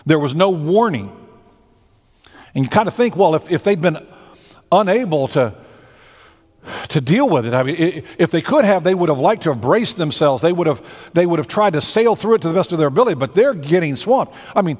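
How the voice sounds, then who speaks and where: Animated male pastor, lively high voice. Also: fairly quick, in a large hall. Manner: conversational, animated storytelling with acted-out quotes. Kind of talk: sermon.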